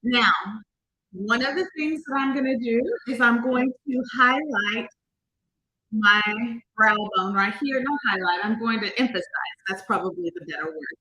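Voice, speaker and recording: Bright, husky woman demonstrating makeup. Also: on the high side, moderate pace, low-quality recording. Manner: chatty, talks viewers through each step and quizzes them. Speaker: makeup artist demonstrating products. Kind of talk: casual makeup tutorial.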